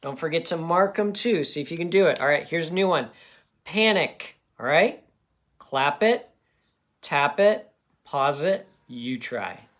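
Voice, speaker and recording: A man's voice: a little high, expressive, a little slow, fairly bright tone. A man teaching a children's phonics lesson, patiently sounding out words syllable by syllable.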